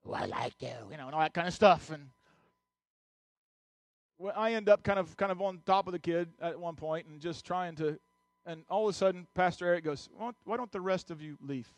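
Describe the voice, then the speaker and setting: A man with a notably high voice preaches from the pulpit. He tells a story first, then presses the congregation with urgent, repeated exhortations. The sound is close and dry. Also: a little fast, no echo. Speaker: pastor. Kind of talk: sermon with personal story.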